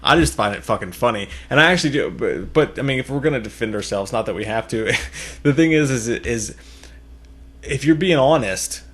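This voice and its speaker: A young man chatting on a podcast, wry and sarcastic, dropping curses between chuckles. His voice sits at an ordinary pitch for a man. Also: expressive, fairly quick, fairly bright tone, husky. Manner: amused, sarcastic, swearing. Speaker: podcast co-host. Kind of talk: casual podcast banter.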